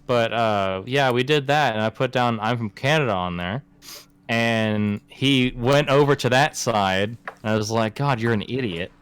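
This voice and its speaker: A man's voice: medium pitch, unhurried, a bit bright, clear, resonant tone. A young man co-hosting a casual podcast with friends, rambling through a story and laughing often. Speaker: podcast co-host. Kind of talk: casual chat among friends.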